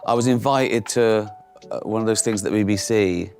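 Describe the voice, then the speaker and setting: A man's voice: fairly low pitch, normal speed, a little mellow. Guy, middle-aged, chatty storyteller doing little voices for people, faint music behind. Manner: anecdotal, mimics others in quoted voices, laughs often. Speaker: comedian guest. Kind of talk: casual storytelling chat.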